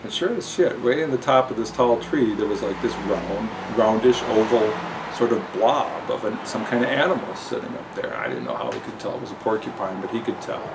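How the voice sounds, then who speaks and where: A man's voice: lowish voice, lively intonation, fairly quick, creaky, noisy background. A man telling a personal story in a rambling, self-mocking way, with many fillers. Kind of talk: casual spoken storytelling.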